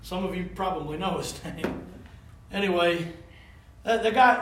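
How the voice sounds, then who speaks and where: A man preaching a conversational sermon to a small group. He talks in an animated, rambling way and keeps asking the listeners for answers. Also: sits high, measured pace, background noise. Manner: animated, rambling, calls for responses. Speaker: pastor. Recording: roomy room, voice from a distance.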